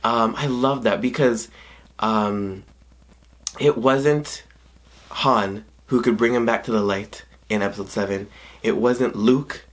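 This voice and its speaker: A man's voice: on the low side, steady tone, slow pace. Gushing young man rambling through a review. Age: 20s. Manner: gushing, rambling, restarts, jumps between points; emotional, near tears at times. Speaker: vlogger. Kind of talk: excited spoiler movie review.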